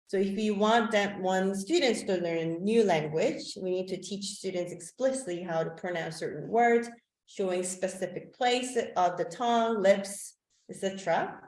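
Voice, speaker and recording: A woman's voice: medium pitch, moderate pace, a little mellow. Chatty woman teacher in an echoey room. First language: Korean. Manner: chatty, loose delivery with frequent "like" and "um". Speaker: teacher presenting a webinar. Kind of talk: online teacher-training talk. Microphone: video call microphone.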